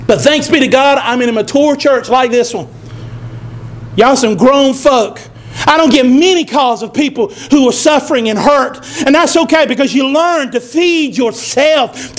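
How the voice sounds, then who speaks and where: A pastor delivers a sermon from his pulpit in a very high voice. He builds to shouted lines and draws call-and-response from his congregation. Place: church sanctuary.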